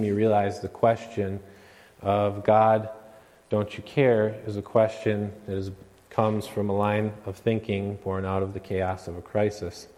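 A man with a fairly low voice delivers an earnest sermon. His words ring out with a long reverb, as in a church hall. He sometimes builds into a louder, dramatic retelling. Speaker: preacher.

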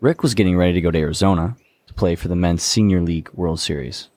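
A man's voice: low voice, quick pace, a little mellow. A man narrating a true story in a conversational way, with teasing asides to the listener.

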